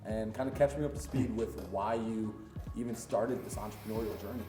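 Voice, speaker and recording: A man's voice: fairly low pitch, fairly even intonation, brisk. A man hosting a podcast interview, casual and affirming as he asks questions. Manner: casual, affirming, says "bro" and "right". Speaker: podcast host. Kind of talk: interview conversation. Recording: echoey room with faint music.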